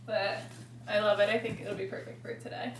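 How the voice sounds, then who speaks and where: A woman with a mid-range voice and flat delivery talks a little fast in her casual travel vlog, chatty and bubbly with frequent laughter. She's filming handheld on her phone indoors and outdoors, and the recording is noisy.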